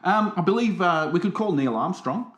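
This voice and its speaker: Deadpan male podcast co-host, mid-pitched, animated delivery, roomy echo. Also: moderate pace. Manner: deadpan, playing along with absurd bits. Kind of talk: casual comedic chat.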